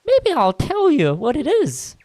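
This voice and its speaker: A man's voice: very high-pitched, huge pitch swings, a little slow, a little mellow, dry recording, pitched above the performer's own voice, heavily acted. A man voicing a cocky young kid from a gang, speaking in a teasing, boastful way.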